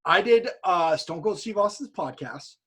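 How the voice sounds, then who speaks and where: A man, a podcast guest, telling a long story in a casual, profane, excitable way over a video call. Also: high voice, normal speed, a loud crowd.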